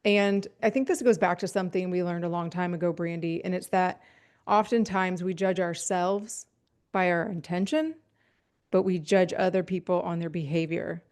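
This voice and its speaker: A woman's voice: fairly low pitch, fairly even intonation, moderate pace, a little mellow, clear, resonant tone. A woman hosting a podcast, talking in an earnest, reflective way and working through everyday examples. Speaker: podcast host. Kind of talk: casual conversation.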